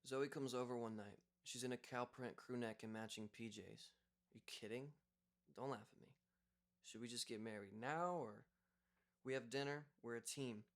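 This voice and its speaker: A man's voice: medium pitch, moderate pace. A young man reading a first-person audiobook in a casual, conversational way. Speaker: audiobook reader.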